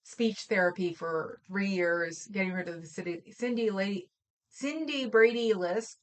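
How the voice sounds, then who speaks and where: A woman's voice: mid-range voice, a little slow. A woman from Oakland, California, co-hosting a livestream in casual, rambling chat full of stories and fillers. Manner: rambling, storytelling, trails off with fillers. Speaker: livestream co-host.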